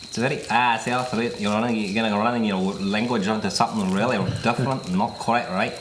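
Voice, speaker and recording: A man's voice: lowish voice, steady tone, a little fast. A young man co-hosting a podcast, chatting casually in a giggly, rambling, jokey way. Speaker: podcast co-host. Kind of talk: casual chat. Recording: roomy echo, faint insect noise.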